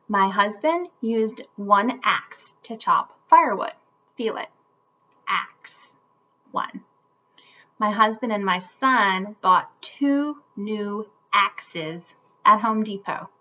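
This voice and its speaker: Bright, slow-speaking woman teacher. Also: mid-range voice, dull audio. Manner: slow, clearly enunciated, upbeat teacher talk. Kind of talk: children's phonics lesson.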